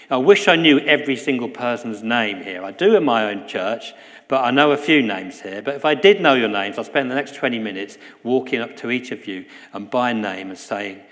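A man preaching a sermon in a church, earnest, often dropping to a soft hush. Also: medium pitch, expressive, moderate pace, in a large hall. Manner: earnest, drops to a soft hush at key lines. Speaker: guest preacher.

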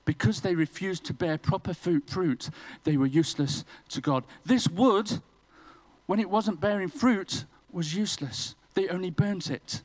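A man's voice: high voice, a little slow, poor audio. A man preaching a sermon in a church, telling a personal story with self-deprecating humour.

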